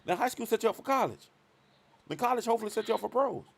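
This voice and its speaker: Animated man telling a story on a live stream. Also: high voice, very fast, vocal fry. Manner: animated, acts out both sides of conversations. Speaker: show host.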